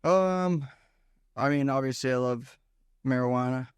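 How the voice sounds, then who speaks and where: A man's voice: medium pitch, measured pace, clear, resonant tone, dry recording. A young man co-hosting a casual podcast, telling stories in a laid-back way and calling his friend bro. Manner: laid-back storytelling, says "bro" and "dude". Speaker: podcast co-host. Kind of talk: casual chat.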